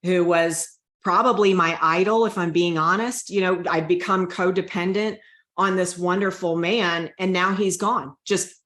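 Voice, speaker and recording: An earnest woman speaking with heartfelt emotion as an interview guest. Her voice sits a little low. It rings in a roomy, echoey space. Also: fairly even intonation, measured pace, fairly bright tone. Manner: earnest, emotional, often quotes her own prayers. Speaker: guest sharing a personal story.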